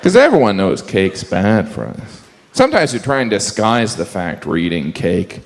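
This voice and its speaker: A man doing a stand-up comedy set on a live stage, deadpan, slipping into mocking put-on voices. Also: fairly low pitch, moderate pace. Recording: live stage mic with audience noise.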